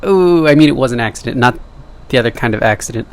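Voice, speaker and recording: Here a young vlogger talks fast and animated in a mid-range voice, chatting casually to the camera. His monologue wanders off into tangents while he pokes fun at himself.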